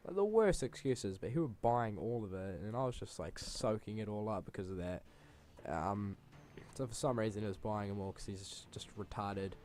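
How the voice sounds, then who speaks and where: A man's voice: fairly low pitch, fairly even intonation, normal speed, darkish tone, a little hiss or hum. A young man, a gaming channel host telling a rambling school story over gameplay, swearing freely and exaggerating.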